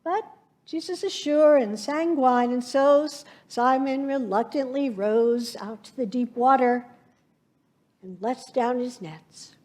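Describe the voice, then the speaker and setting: A woman pastor preaching a sermon, slow and reflective, painting scenes from scripture for her congregation. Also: high-pitched, a little mellow.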